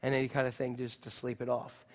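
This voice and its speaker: A man preaching a sermon as pastor, animated, acting out quotes and putting questions to his listeners. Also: mid-range voice, quick pace, big-room sound. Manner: animated, acts out quotes and asks the congregation questions.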